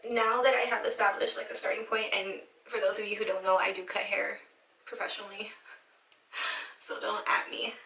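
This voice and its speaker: A woman's voice: medium pitch, flat delivery, normal speed, bright, forceful tone, distant mic, a little hiss or hum. A young woman filming herself as she cuts her own hair, nervous and emotional, swearing freely and sometimes dropping to a whisper. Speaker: beauty vlogger and hairstylist. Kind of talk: casual vlog, talking to camera while cutting her hair. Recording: echoey room, slightly off-mic.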